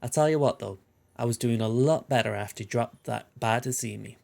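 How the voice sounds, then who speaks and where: A man's voice: medium pitch, a little fast, gravelly, a little mellow, close to an everyday voice. A man voicing a proud, independent veteran male delivery porter in a put-on, folksy accent, reading game dialogue. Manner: folksy, plain-spoken drawl.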